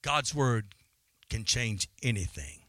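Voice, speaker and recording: A man's voice: fairly low pitch, big pitch swings, takes it slowly, fairly bright tone, no room sound. A man preaching a sermon in a fervent, dramatic style. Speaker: pastor.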